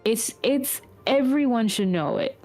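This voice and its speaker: A woman's voice: a little high, animated, measured pace, darkish tone, soft background music, pitched above the performer's own voice. A woman voicing a defensive older teenage boy student who stammers indignantly in a tabletop game.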